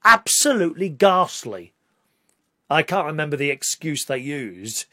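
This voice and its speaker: A British man chats away to his camera in a loose, rambling monologue, full of opinions and quick to get worked up. His voice sits a little high for a man, and it is recorded dry, with no room sound around it. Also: sing-song, bright, forceful tone, no room sound. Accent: British English. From Britain. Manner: chatty, rambling, opinionated, rising to indignant outbursts. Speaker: vlogger. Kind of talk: casual talk to camera.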